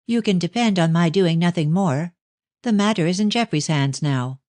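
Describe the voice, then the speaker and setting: A man's voice: high-pitched, normal speed, darkish tone, no room sound, natural voice. A man reading an audiobook, voicing an anxious, tearful young woman pleading with her father.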